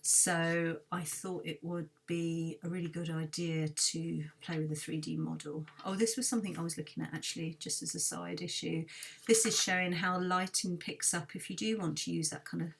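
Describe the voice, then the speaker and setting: A woman, a garden designer, walks a client through a design review in a friendly, thinking-aloud way with many pauses. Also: lowish voice, fairly even intonation, vocal fry, far from the mic.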